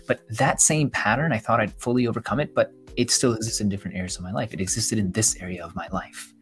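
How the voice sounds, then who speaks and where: A man's voice: on the low side, a little fast, faint music behind. A young man co-hosting a podcast, talking casually and reflectively, rambling and acting out what others told him. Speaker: podcast co-host. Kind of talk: casual chat.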